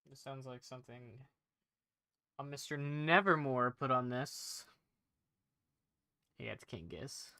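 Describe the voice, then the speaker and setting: A woman's voice: a bass voice, sharp tone. A woman chatting casually to herself as she paints, rambling and playful. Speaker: streamer painting on camera. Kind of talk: casual chat while painting.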